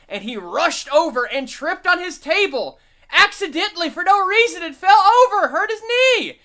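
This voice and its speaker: A man's voice: very high voice, expressive, moderate pace, sharp tone. A man giving casual, profane, mocking commentary over a video, laughing and repeating catchphrases.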